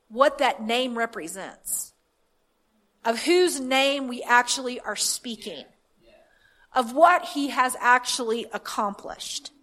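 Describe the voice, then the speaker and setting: A woman pastor with a fairly high, fairly bright voice reads scripture aloud, then preaches a sermon whose fervor rises into passionate declarations.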